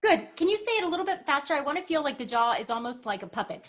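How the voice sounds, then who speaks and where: Bright-voiced woman coaching singing. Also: sits high, very animated, racing. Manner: encouraging, gives clear physical instructions. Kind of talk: teaching a singing lesson. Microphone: video call.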